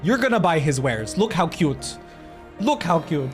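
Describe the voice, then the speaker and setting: A man chatting casually on a live stream while gaming, excitable and quick to laugh. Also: a little high, soft background music.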